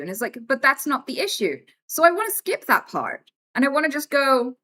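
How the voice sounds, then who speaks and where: A woman's voice: high-pitched, sing-song, a little fast, bright, forceful tone. A young woman streamer in casual livestream chat, talking in a blunt, frank and exasperated way.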